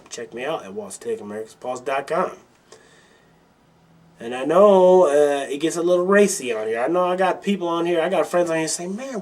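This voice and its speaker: A man's voice: fairly high pitch, darkish tone. A man from Milwaukee hosting a political podcast, ranting angrily and bluntly with plenty of swearing and mockery. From Milwaukee, Wisconsin. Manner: angry, swearing, blunt and mocking. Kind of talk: profane political rant.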